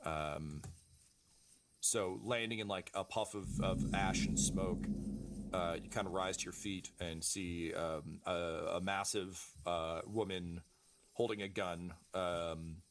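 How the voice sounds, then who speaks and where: A man running a tabletop role-playing game as game master, describing scenes in a halting way full of fillers. His voice sits low, and clear background noise runs under it. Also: steady tone.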